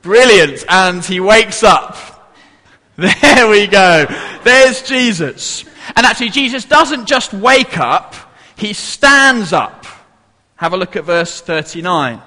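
A man's voice: high-pitched, animated, takes it slowly, bright, forceful tone, in a large hall. A man giving an interactive children's Bible talk to a congregation in church, playful and coaxing everyone to join in.

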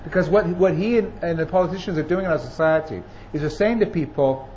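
A man's voice: a little high, fast talker, few pauses, a little mellow. A man preaching a sermon as pastor, earnest and emphatic, building points through repetition. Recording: muffled recording with faint noise.

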